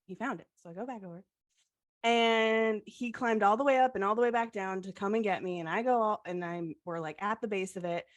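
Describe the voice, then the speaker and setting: Speaking fairly quickly at a medium pitch, this young woman podcast co-host shares a heartfelt personal story, with "like" cropping up again and again as filler.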